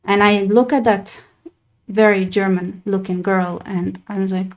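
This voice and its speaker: A woman's voice: mid-range voice, fairly even intonation, normal speed. A young woman hosting a casual chat, talking loosely with lots of fillers and restarts. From Israel. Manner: chatty, with many "like" fillers and restarts. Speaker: host.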